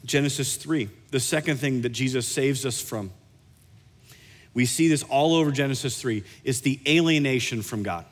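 A man preaching a sermon, telling a personal story in an animated way and slowing down for emphasis. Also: medium pitch. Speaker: pastor. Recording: reverberant hall.

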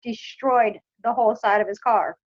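A woman chatting casually as a co-host, relaxed, laughing, giving short replies. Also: fairly high pitch, moderate pace, no room sound, highs cut off. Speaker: co-host, sister. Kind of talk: casual chat.

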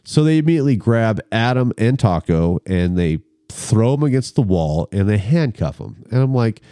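A man telling a story in a casual chat, animated and acting out the people in it. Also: fairly low pitch, moderate pace, smooth, no echo, studio quality.

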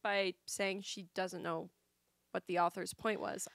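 A woman's voice: on the low side, level tone, measured pace, creaky, a bit bright, dry recording, studio quality. A woman co-hosting a casual book podcast, talking frankly and bluntly and swearing now and then. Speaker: podcast co-host.

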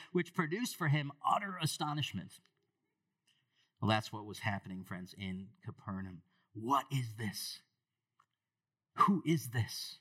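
Earnest preaching man, distant mic. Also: medium pitch. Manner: earnest, animated preaching with rhetorical questions. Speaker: pastor. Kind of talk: sermon.

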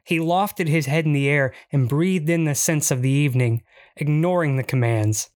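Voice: medium pitch, moderate pace, darkish tone, no room sound. A narrator reading a first-person memoir in a dry, wry storytelling manner.

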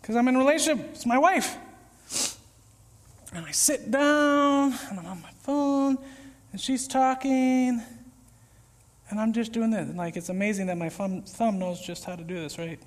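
A man preaching a casual, conversational sermon, acting out little scenes with sudden shouts and whispers. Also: extremely high pitch, moderate pace, pauses often. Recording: echoey hall with long reverb.

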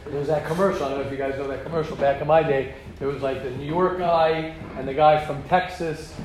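A middle-aged American man giving an informal religious lecture to a group in a study hall, animated and repetitive, acting out quoted speech. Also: on the high side, quick pace. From United States. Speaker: Torah class teacher. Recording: roomy hall, faint ambient noise.

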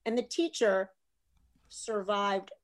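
A middle-aged woman tells funny stories as a guest in a relaxed conversation. She is animated and jokey, often laughing between her lines. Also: mid-range voice, takes it slowly. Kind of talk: comic storytelling in casual chat.

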